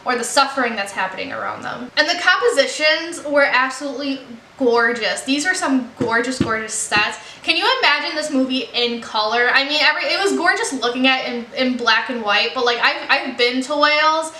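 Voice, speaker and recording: Young woman rambling through a movie review, high clear voice, echoey room. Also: brisk, pushed and bright, slight background noise. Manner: chatty, earnest, many "like" and "you know" fillers. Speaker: movie reaction vlogger. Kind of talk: casual film review chat. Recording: roomy echo.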